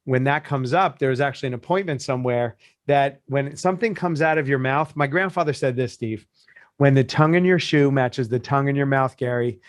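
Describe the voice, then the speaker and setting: Lively storytelling man coach. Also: medium pitch, brisk, no room sound, clean studio sound. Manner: animated storyteller, acts out quoted voices. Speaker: business coach. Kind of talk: casual podcast chat.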